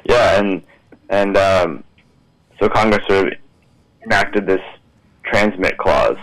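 A man's voice: low-pitched, slow, fairly bright tone, low-quality recording. A man in casual discussion, speaking in a hesitant, conversational way.

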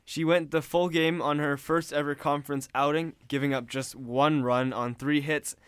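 A man reading a sports recap in a steady, read-out delivery. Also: on the high side, normal speed, smooth, no echo.

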